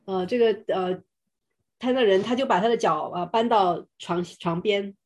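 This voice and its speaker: Woman doing live sermon interpreting, goes line by line, some uh's and restarts. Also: mid-range voice. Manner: hesitant, fills pauses with 'uh'.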